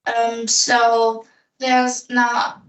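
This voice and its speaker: A woman answers practice questions in slow, hesitant English with a slightly high voice. She sounds distant from the microphone in an echoey room. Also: completely flat delivery, a bit bright. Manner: hesitant, halting learner English with pauses. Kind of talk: English speaking practice conversation. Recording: echoey room, voice far from mic.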